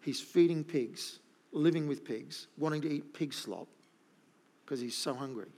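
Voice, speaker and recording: A man's voice: a little high, a little slow, darkish tone. A middle-aged man preaching a sermon, emphatic and repeating his key points. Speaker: pastor.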